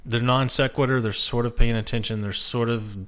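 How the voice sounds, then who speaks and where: A man hosting a casual TV podcast, halting and searching for words as he talks. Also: medium pitch, fairly even intonation, a bit bright. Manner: halting, full of fillers and restarts. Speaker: podcast host. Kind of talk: casual chat.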